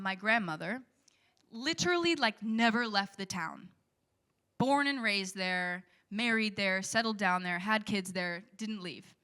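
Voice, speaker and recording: Young woman from Kentucky at a live show. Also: mid-range voice. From Kentucky, USA. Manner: expressive, rhythmic recitation; chatty and giggly between songs. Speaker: singer-songwriter performing live. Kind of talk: spoken-word poem, then casual stage banter. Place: live house concert venue.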